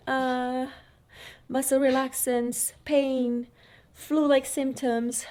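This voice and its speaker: A woman's voice: medium pitch, a little slow, slight background noise. Chatty woman vlogging to camera. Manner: chatty, rambling, with many fillers. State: out of breath. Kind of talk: casual vlog talk to camera.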